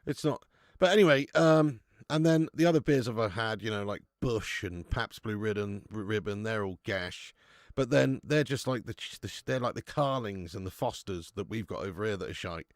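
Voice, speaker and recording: A man's voice: on the low side, normal speed, no echo, studio quality. Laddish British man hosting a football stream. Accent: British English. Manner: laddish banter, swearing, reading out chat. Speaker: host. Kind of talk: live football watch-along chat.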